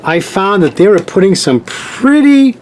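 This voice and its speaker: Guy walking you through a sewing project real slow, repeats stuff, bit of room noise. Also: high-pitched, big pitch swings. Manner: patient, repeats key points, plain instructions. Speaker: sewing tutorial host. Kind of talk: step-by-step craft tutorial.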